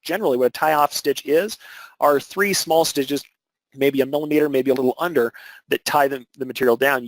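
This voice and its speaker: A man's voice: medium pitch, dry recording, rough recording. A man teaching an embroidery webinar, explaining technique step by step with filler words and restarts. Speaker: embroidery instructor.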